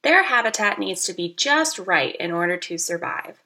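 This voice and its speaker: A woman narrating a children's storybook aloud, expressive and playful, with teacherly asides to young listeners. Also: mid-range voice, normal speed.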